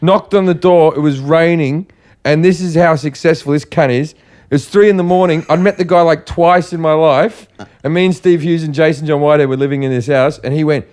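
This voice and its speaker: A man with a somewhat high voice chats casually among friends. He is blunt and teasing and swears without a second thought, and he tells his stories in a loose, offhand way. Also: fairly quick, darkish tone. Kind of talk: casual chat, anecdote telling.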